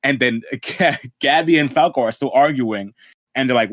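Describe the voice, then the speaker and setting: A man's voice: medium pitch, normal speed, a bit bright, no room sound. A man co-hosting a podcast, chatting casually and profanely about an anime, full of slang and "bro". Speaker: podcast co-host.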